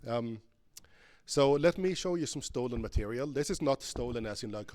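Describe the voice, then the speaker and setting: A man's voice: mid-range voice, lively intonation, moderate pace, a little mellow. A man giving a conference keynote as a professor, chatty and playful, thinking aloud with many ums and restarts while he demos a game. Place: conference stage.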